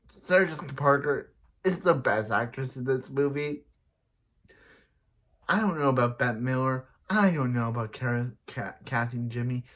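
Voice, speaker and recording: A man's voice: medium pitch, fairly bright tone. Rambling young man reviewing a movie. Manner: rambling, repeats and restarts, quotes characters in quick paraphrase.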